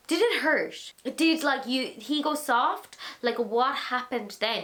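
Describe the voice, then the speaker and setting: A woman's voice: high voice, a little slow, a bit bright. A young woman hosting a casual chat about dating, talking chattily, laughing often and reading out listener questions. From Ireland. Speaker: host.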